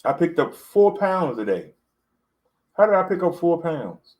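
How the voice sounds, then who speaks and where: A man's voice: fairly high pitch, sing-song, a little slow, darkish tone, rough recording. A man, talking to camera in a loose, rambling vlog, full of fillers and repeats. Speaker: vlogger. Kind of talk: casual talk to camera.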